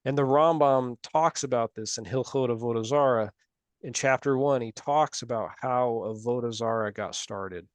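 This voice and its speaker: A man's voice: mid-range voice, normal speed, dry recording. A man leading a group religious study discussion, talking earnestly and carefully, often correcting his own wording.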